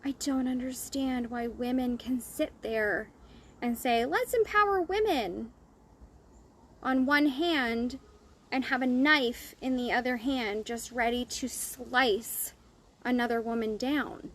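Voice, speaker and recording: High-voiced woman, fired-up profane rant. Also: fairly even intonation, slow, slight background noise. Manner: blunt, profane, fired-up ranting. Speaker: business coach. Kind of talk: impassioned monologue to camera.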